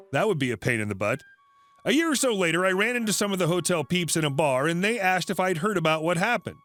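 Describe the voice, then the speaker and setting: High-voiced guy reading a story, bouncy and sarcastic, faint music behind. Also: a bit bright. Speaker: story narrator. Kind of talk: scripted narration.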